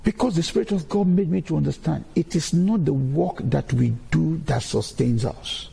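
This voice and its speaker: A man's voice: fairly high pitch, normal speed, creaky, warm tone, slightly rough, long reverb tail. A man giving a sermon-style testimony in a church, repeating key phrases as he preaches.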